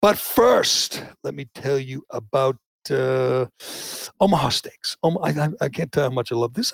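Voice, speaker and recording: A man hosting a political talk show, indignant and opinionated, often rising into loud outbursts. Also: mid-range voice, vocal fry, breathy edge, no room sound. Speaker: podcast host.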